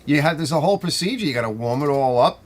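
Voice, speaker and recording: A man's voice: on the high side, expressive, quick pace. A middle-aged man with a New York accent hosts a live stream, chatting casually and answering viewer comments in a rambling, conversational way. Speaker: host of a garage channel live stream.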